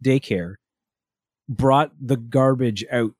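A young adult man on a casual podcast, telling parenting stories with lively acted-out quotes of his toddler. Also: medium pitch, slow pace, dry recording, clean studio sound. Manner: animated storyteller acting out a toddler's lines. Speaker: podcast co-host. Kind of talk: casual chat about parenting.

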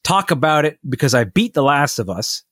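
A man's voice: on the high side, big pitch swings, normal speed, a bit bright, dry recording, studio quality. A man in his thirties co-hosting a podcast, telling a story in a rambling way, full of fillers and laughs. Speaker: podcast co-host. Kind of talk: casual chat.

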